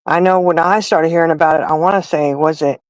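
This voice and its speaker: A woman's voice: sits low, steady tone, fast, no echo, low-quality recording. A middle-aged woman hosting a livestream and chatting casually, telling stories straight to her viewers. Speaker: livestream host. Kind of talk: casual chat.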